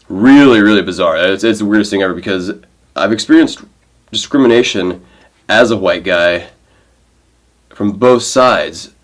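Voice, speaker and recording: A young man chatting casually to camera in his vlog, rambling and telling stories with lots of fillers and restarts. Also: fairly low pitch. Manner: rambling, animated storytelling with many fillers and restarts. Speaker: vlogger.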